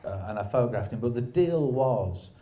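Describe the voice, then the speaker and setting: A man's voice: medium pitch, expressive, normal speed, mellow, faint music behind. A man telling rambling, self-deprecating stories in casual chat, laughing often.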